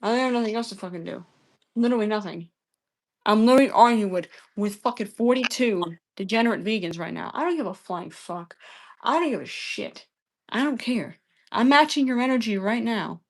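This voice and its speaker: A woman's voice: a little high, lively intonation, normal speed. A woman arguing with a live chat, combative and exasperated, swearing often and repeating her phrases. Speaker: livestream debater. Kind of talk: heated livestream argument with chat.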